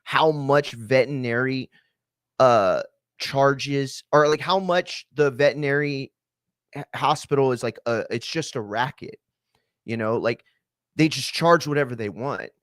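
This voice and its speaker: A man's voice: mid-range voice, unhurried, a bit bright, dry recording, studio quality. A man hosting a podcast, ranting casually with lots of swearing and fillers. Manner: profane, ranting, many fillers. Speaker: podcast host. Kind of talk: casual chat.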